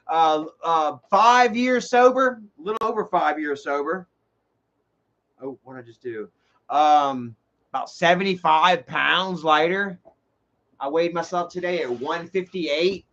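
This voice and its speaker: A man's voice: on the high side, measured pace. A man telling rambling, profane stories on a casual livestream. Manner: rambling, profane, animated storytelling. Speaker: livestream host. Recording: dull lo-fi stream audio.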